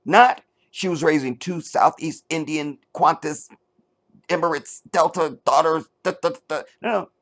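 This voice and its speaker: A middle-aged man hosting a commentary show, reading an article aloud and mocking it with sarcasm, jumping between loud outbursts and low mutters. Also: unhurried. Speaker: commentary channel host.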